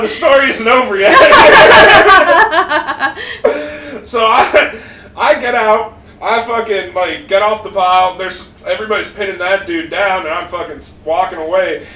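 A man's voice: high-pitched, far from the mic. A man hosting a podcast, telling a story with lots of laughter and swearing. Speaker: podcast host. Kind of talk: animated storytelling. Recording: echoey room, off-mic, faint hiss.

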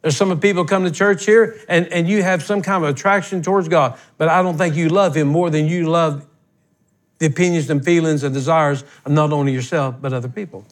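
An older male pastor delivers a sermon in a notably high voice. He talks in a folksy, plain-spoken way and pushes his points bluntly. His delivery swells into emphatic bursts when he presses a point. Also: fairly even intonation, brisk. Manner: folksy, blunt, emphatic preaching with rising outbursts.

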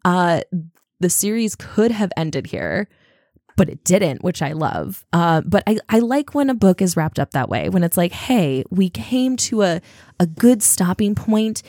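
A woman's voice: lowish voice, very animated, unhurried, dark tone, no room sound, studio quality. A woman co-hosting a podcast, chatting casually about a novel with frequent fillers. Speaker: podcast co-host. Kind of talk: casual book-club chat.

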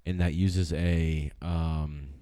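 A man's voice: extremely low pitch, level tone, very slow, dark tone, slight background noise. A man co-hosting a podcast, swearing, laughing and telling stories in casual chat. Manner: profane, laughing, storytelling banter. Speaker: podcast co-host.

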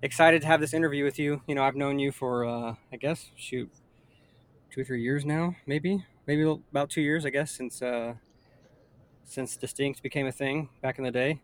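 A man hosting a podcast interview, relaxed and loose, with many fillers. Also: medium pitch, moderate pace. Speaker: podcast host.

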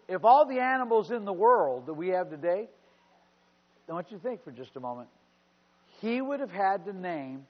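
In a large church hall, a man with a somewhat high voice delivers a sermon as pastor, calling out to the congregation. It's captured as a dull, lo-fi recording.

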